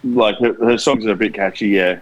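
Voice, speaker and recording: A man's voice: on the low side, steady tone, fairly quick, muffled recording. A man ranting bluntly and swearing often in casual podcast banter. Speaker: podcast guest.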